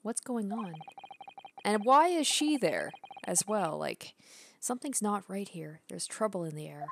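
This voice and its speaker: A woman commentating casually on a video game as she plays, excitable and quick to swear. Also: mid-range voice, creaky, a little hiss or hum. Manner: excitable, swears and laughs while reacting. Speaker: let's play streamer. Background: faint game music.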